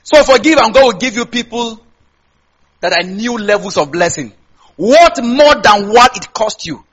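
In an unhurried sermon, a Nigerian pastor speaks in a high, husky, somewhat bright voice with lively intonation and a clear Nigerian accent. He keeps questioning the congregation directly so they'll answer, though the audio is poor.

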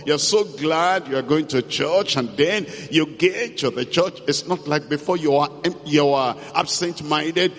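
Male preacher, slightly high voice, slow deliberate emphatic delivery, hall reverb. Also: fairly bright tone. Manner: slow, emphatic, repeats key phrases. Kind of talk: sermon.

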